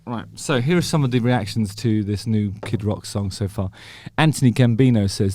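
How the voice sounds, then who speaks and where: A man's voice: lowish voice, moderate pace, few pauses, mellow, no echo, studio quality. A man with an English accent hosting a casual, chatty commentary on a song, full of wry joking asides. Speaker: music video host.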